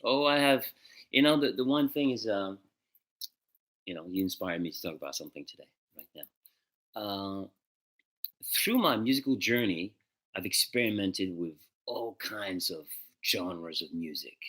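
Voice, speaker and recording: A man hosting a casual music livestream, greeting viewers by name in a relaxed, chatty way and slipping into French and Spanish greetings. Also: deep voice, unhurried, long pauses. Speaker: musician hosting a live stream.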